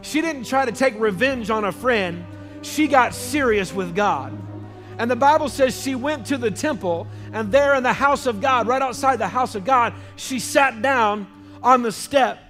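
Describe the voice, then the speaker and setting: A man's voice: extremely high pitch, lively intonation, unhurried, a bit bright, soft background music. A man preaching a sermon in a church, emphatic and calling out questions to the congregation. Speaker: pastor.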